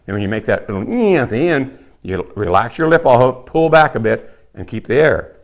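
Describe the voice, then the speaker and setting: A man's voice: mid-range voice, moderate pace, background noise. An older man with a folksy, plainspoken manner, teaching elk calling and demonstrating the calls as he talks. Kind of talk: hands-on calling tutorial.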